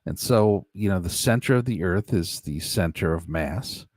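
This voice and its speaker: A man's voice: low voice, expressive, normal speed, darkish tone, no echo, clean studio sound. A man hosting a casual live stream, reading chat aloud, joking and laughing often. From United States. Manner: laughs often, jokey, plays silly voices for chat.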